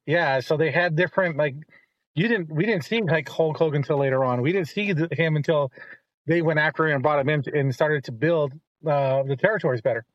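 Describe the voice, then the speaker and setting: A middle-aged man, the host's father, telling long rambling stories in casual chat and turning animated when he quotes others. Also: on the high side, a little fast, muffled recording.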